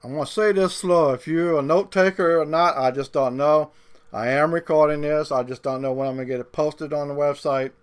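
A man's voice: a little high, fairly even intonation, clean tone. A male pastor delivering a sermon, drawing out key words and repeating points, with folksy grammar. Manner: deliberate, drawn-out emphasis with folksy grammar.

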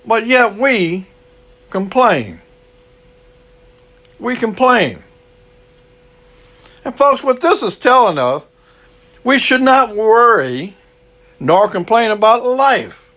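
Slow, high-voiced male preacher. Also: big pitch swings, pushed and bright. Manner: earnest, repetitive, drawn-out emphasis. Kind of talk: sermon.

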